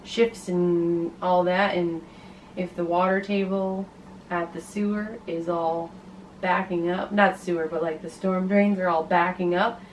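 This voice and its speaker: A woman co-hosting a casual vlog chat, chatty and quick to finish her husband's sentences. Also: fairly low pitch, level tone, a little hiss or hum, low-quality recording. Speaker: vlog co-host.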